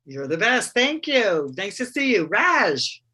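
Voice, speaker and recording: A woman hosting an online networking meeting over a video call, upbeat and brisk as she calls on each guest. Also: medium pitch, sing-song, pushed and bright, husky. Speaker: host.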